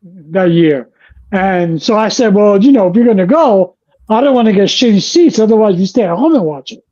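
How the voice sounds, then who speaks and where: A man with a high but mellow voice talks wrestling in a casual, blunt way, swearing freely and laughing easily. His audio comes through muffled and lo-fi. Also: lively intonation, normal speed. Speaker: podcast guest.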